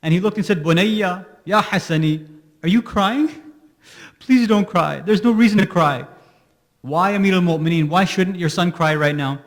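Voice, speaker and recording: Male preacher, higher-pitched voice, rising to emotional lament in a big reverberant prayer hall. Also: moderate pace. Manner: rising to high, emotional wailing delivery. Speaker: speaker at an Islamic center. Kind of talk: religious sermon, mournful narration.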